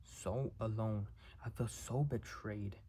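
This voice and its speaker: Emotional young man, halting confession. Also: fairly low pitch, steady tone, dark tone, husky. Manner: raw, halting, repeats words, swears often. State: emotional, near tears. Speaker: vlogger. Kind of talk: confessional monologue to camera.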